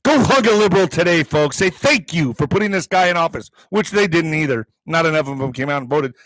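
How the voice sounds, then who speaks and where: A man's voice: fairly high pitch, brisk, a bit bright, no echo. A man hosting a political commentary stream, reading headlines aloud and breaking into heated, profane, sarcastic asides. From Mexican heritage.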